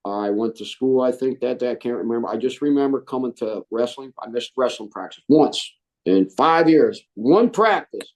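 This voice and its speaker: Being interviewed about his life, a middle-aged former Marine talks at an ordinary pace in a mid-range voice. He acts out the voices of anyone he quotes, full of animation.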